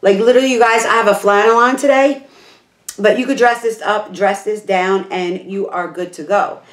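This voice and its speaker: A woman's voice: medium pitch, moderate pace, reverberant. A woman who is losing her voice gives a casual, rambling hair tutorial, peppered with "like" and "literally". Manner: chatty, rambling, full of "like" and "literally". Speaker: beauty vlogger.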